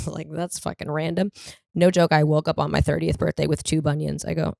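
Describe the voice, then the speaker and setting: A woman's voice: low voice, moderate pace, gravelly, no echo, studio quality. A woman in her thirties from the US East Coast, hosting a podcast as a rambling, profane comedic monologue and acting out other people's voices. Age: 30s. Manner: profane, rambling and animated, acts out quoted voices. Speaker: podcast host.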